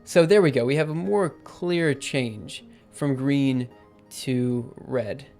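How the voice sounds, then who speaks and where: A man's voice: mid-range voice, takes it slowly, darkish tone, soft background music. A young man streaming his programming session, thinking aloud with lots of fillers and self-corrections, his voice a bit worn. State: losing his voice. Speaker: livestreaming programmer. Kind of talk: casual live coding commentary.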